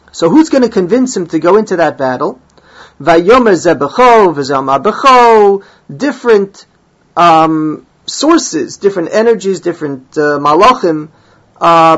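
Male Talmud teacher, husky voice, dull lo-fi recording, reads the text aloud and explains it line by line. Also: high-pitched, a bit bright. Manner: reads Hebrew and Aramaic phrases, then explains them in English. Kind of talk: Talmud class, translating and explaining.

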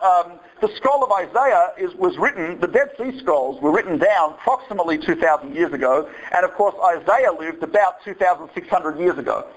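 High-voiced man telling a funny story. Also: poor audio. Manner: animated storytelling, acts out voices. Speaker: speaker giving a talk. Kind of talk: humorous lecture with anecdotes.

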